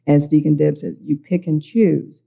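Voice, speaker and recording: A woman reflects on her family at a church gathering, pausing and restarting as she goes. Her voice is very dark and heavily gravelly. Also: low voice, fairly even intonation. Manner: reflective, halting with frequent restarts. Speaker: panel speaker, pastor's daughter. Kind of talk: reflective personal storytelling.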